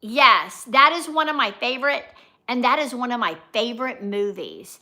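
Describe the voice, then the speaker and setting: A high-pitched woman with a bright, ringing tone chats casually on a livestream. She reads her viewers' comments aloud and answers them one by one, greeting people by name. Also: lively intonation, normal speed. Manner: chatty, talks straight to her viewers by name. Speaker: vlogger and livestream host.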